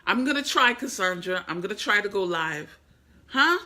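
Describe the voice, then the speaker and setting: A woman's voice: mid-range voice, expressive, normal speed, sharp tone. A woman who is a motivational speaker and author, giving an inspirational faith talk in an emphatic, repetitive, preacher-like cadence and speaking straight to the listener. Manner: addresses the listener directly, coaxing.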